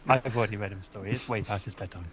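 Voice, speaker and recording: A man's voice: on the low side, very fast, a crowd in the background. A man co-hosting a podcast, playful and blunt in casual chat, swearing freely. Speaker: podcast co-host.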